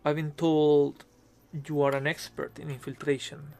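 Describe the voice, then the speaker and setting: A man's voice: a little high, fairly even intonation, a little slow, fairly bright tone, faint music behind. A man voicing a scheming male gang leader who speaks with a thick Spanish accent. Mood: cool, probing.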